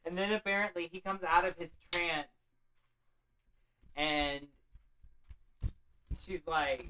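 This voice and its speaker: A man's voice: fairly high pitch, slow, pauses often, bright, forceful tone, rough recording. A man casually retelling a classic story as comedy, rambling, offhand and profane. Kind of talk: loose comic retelling of a classic.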